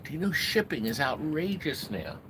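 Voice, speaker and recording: A man's voice: fairly high pitch, sing-song, normal speed. A middle-aged man hosting a casual livestream, chatting in a rambling way and greeting viewers by name. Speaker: livestream host selling arcade games. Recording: noisy room ambience.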